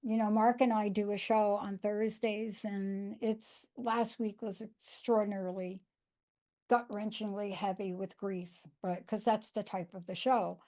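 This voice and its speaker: A woman's voice: medium pitch, level tone, a little slow, mellow. A woman hosting a podcast, telling stories in a chatty, emphatic way and repeating words for stress. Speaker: podcast host. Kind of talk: casual podcast conversation.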